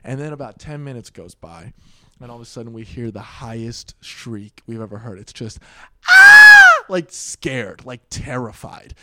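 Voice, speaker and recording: Animated, crude young man telling stories. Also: medium pitch, normal speed, noisy background. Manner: animated, swears a lot, acts out quotes loudly. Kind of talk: casual storytelling chat.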